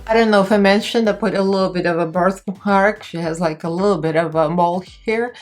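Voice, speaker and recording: Young woman w/ russian accent doing a makeup tutorial, casual and giggly, soft music underneath. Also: mid-range voice, fairly quick. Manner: chatty, laughs often, loose grammar. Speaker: makeup vlogger.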